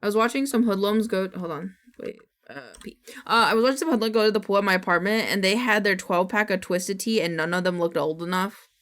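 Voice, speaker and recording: Woman streamer, casual live chat, rambling with restarts, relaxed swearing. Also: medium pitch, fairly quick.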